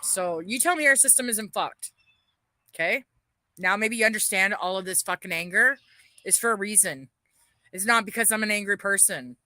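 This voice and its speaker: A woman's voice: mid-range voice, animated, normal speed, pushed and bright, dry recording. Bitter, swearing woman ranting on a livestream. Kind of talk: angry livestream rant.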